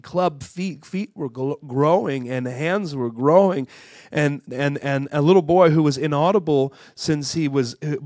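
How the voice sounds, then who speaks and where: A man's voice: fairly high pitch, no room sound, studio quality. A man preaching a sermon at a church conference, repeating and restarting words as he builds to fervent, rising calls. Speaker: guest preacher.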